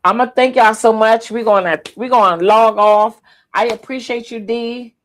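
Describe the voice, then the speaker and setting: A woman hosting a casual livestream podcast, lively and emotional, teary-eyed as she talks. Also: fairly high pitch, normal speed. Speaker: podcast host.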